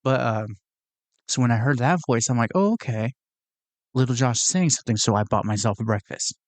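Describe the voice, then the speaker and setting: A young man hosts his podcast alone in a casual, earnest monologue. He rambles and restarts as he works through his thoughts. His voice sits at an ordinary pitch and is recorded dry, with no room echo. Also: fast talker. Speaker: podcast host.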